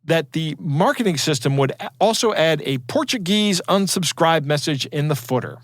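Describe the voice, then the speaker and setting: A man's voice: fairly high pitch, expressive, moderate pace, no echo. A man co-hosting a podcast in casual chat, digressing and restarting his sentences, with a chuckle between points. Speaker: podcast co-host.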